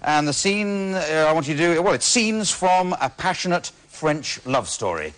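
A man hosting a comedy game show, giving rules and wry asides with halting fillers. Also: fairly high pitch, very animated, fairly bright tone. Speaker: host. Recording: studio audience and noise behind.

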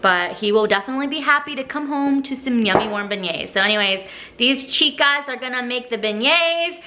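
A young woman and mother chatting to camera in a casual family vlog, excitable and full of fillers like "so anyways". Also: fairly high pitch, a little fast, over loud music.

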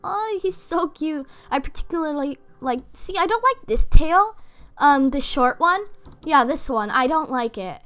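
A woman with a high, bright voice chatting through a casual reaction video. She rambles along full of fillers, gushing and getting excited as she goes. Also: moderate pace. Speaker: gaming YouTuber.

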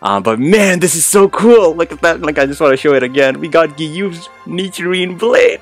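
Guy unboxing stuff on his channel, kinda high voice, keeps yelling when he's hyped, soft music under it. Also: moderate pace. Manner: bursts into shouting excitement; many fillers, addresses viewers. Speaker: unboxing video host. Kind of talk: excited unboxing commentary.

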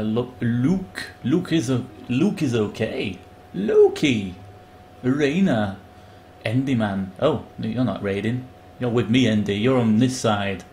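An excitable man gives casual live commentary on a video game and greets his viewers by name. His voice sits at an everyday middle pitch. A faint hiss of background noise runs under the recording. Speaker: live-streamer.

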